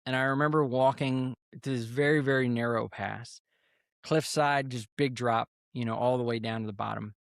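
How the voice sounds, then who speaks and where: A man, an army veteran guest on a podcast, calmly telling a story in a relaxed, unhurried way. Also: mid-range voice, creaky, no echo, studio quality. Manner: calm, unhurried storyteller with fillers. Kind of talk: casual storytelling interview.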